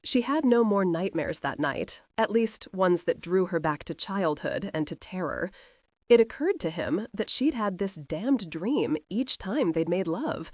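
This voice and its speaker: A woman narrates a romance audiobook in a close, dry voice. Her pitch rises and falls with lively expression, and she tells the story with intimate, expressive warmth. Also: a little slow, no echo.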